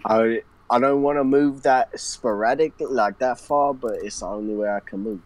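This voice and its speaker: A man's voice: medium pitch, normal speed, darkish tone, no echo. A man playing a tabletop game, talking casually and tentatively. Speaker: player.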